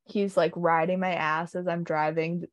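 A woman's voice: fairly low pitch, flat delivery, moderate pace, dry recording. Young woman co-host, casual and opinionated, dry close sound. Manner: chatty, opinionated, frequent ums and laughs. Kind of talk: casual chat.

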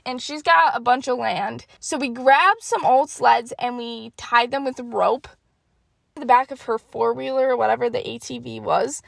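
Young woman, podcast host, high voice, gravelly fry, self-mocking, swears a lot, casual storytelling, dry close mic. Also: measured pace, dry recording.

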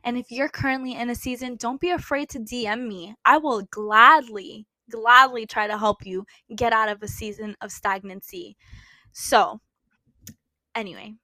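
A woman's voice: a little high, steady tone, normal speed, sharp tone, dry recording. A woman hosting a faith podcast, talking in a casual, earnest, rambling way with many fillers. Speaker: podcast host.

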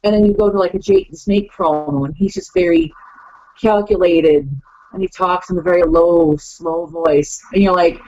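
Female podcast guest, lo-fi call-in sound, animated storyteller who does voices. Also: lowish voice, normal speed, gravelly, dry recording. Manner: animated, acts out quotes in funny voices. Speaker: wrestler guest. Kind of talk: casual podcast chat. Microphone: call-in line.

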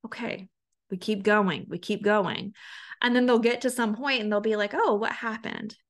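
A woman's voice: mid-range voice, fairly even intonation, moderate pace. A woman hosting a solo podcast as a health coach, talking in an earnest, conversational way with frequent restarts.

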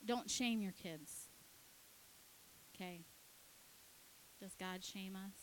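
A woman pastor preaching, telling a story with lively acted-out dialogue. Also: mid-range voice, slight background noise, low-quality recording. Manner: animated, acts out her kids and herself in quick dialogue. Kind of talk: sermon storytelling.

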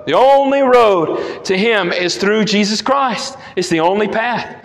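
A man preaching a sermon as pastor, emphatic and repeating key phrases, dropping low and slow when he reads scripture. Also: in a large hall.

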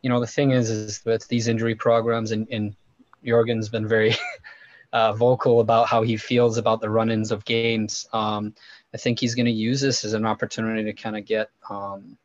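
A man's voice: on the low side, level tone, normal speed, no room sound, lo-fi sound. A man with a Scottish accent, a podcast guest talking football in a rambling way with frequent restarts. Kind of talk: casual football podcast chat.

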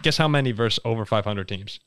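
A man's voice: lowish voice, fast, clear, resonant tone, no room sound. A man hosting a casual sports podcast, telling stories with lots of laughter. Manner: animated storyteller, laughs often. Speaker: podcast host.

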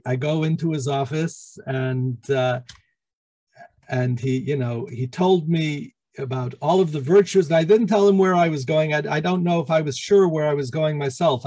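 A middle-aged man, a rabbi, telling his life story in an interview, halting with many restarts. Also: a little high, warm tone, dry recording, low-quality recording.

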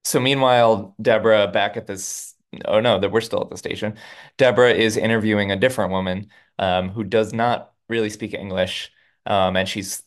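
A man co-hosting a podcast, casually recapping a TV episode and quickly acting out the characters' lines. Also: on the low side. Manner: retells scenes with quick quoted lines. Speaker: podcast co-host.

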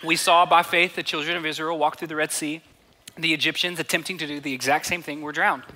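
Preaching at a quick pace, this man in his 20s to 30s has a slightly high, steady voice with a sharp tone. He reads scripture, gives voice to the people he quotes and repeats phrases to drive points home.

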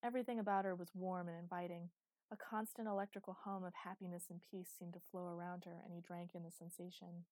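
A woman reading a science fiction audiobook in a steady, even storytelling manner. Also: on the low side, quick pace, no room sound. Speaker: audiobook narrator. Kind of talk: scripted narration.

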